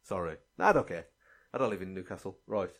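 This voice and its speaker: A man's voice: sits low, big pitch swings, fast, creaky, fairly bright tone. An English man co-hosting a podcast, teasing his co-host and steering the chat. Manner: teasing, bossy, runs the game. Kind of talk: casual chat.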